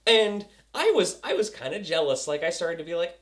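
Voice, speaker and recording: A young man reviewing a TV episode, excitable and goofy, acting out scenes as he goes. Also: sits high, normal speed. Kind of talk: casual review vlog.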